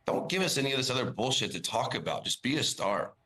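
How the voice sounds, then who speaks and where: A man's voice: medium pitch, sing-song, fast talker, pushed and bright, low-quality recording. A man on a sports talk show panel, sounding exasperated as he lectures about a player's conduct.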